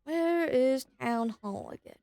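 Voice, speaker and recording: A Texas woman with a Southern accent streams a game, chatting, swearing casually and doing voices for its characters. Her voice is high, slow and warm, recorded dry with faint music behind it.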